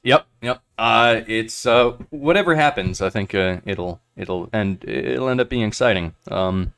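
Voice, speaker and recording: Halting, cursing man on a podcast. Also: on the low side, creaky, fairly bright tone, clear, resonant tone. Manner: halting, many fillers and restarts, profane. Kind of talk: casual political chat.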